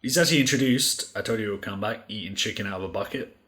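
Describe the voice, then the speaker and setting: A man's voice: fairly low pitch, fast, pushed and bright. A man co-hosting a podcast, recapping comics in rambling casual chat full of "like" fillers. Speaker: podcast co-host.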